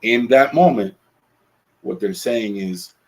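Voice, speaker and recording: A man's voice: on the low side, slow pace, a little mellow, low-quality recording. A man hosting a solo podcast, talking earnestly and reflectively, often restarting his phrases. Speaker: podcast host.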